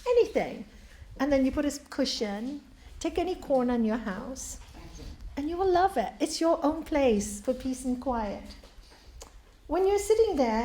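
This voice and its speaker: A woman giving an inspirational spiritual talk in a hall, telling stories and asking the audience questions. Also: sits high. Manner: warm storytelling, asks the audience questions. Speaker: spiritual speaker. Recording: echoey hall.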